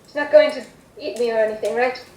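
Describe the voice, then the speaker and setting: A tiny, frightened boy sprite with a very soft, hesitant voice, put on by a woman running the game. The voice sits high. The room sounds echoey and the mic is set at a distance. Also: fairly even intonation, fast talker. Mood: nervous. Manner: hesitant, nervous. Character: tiny frightened male sprite with torn wings.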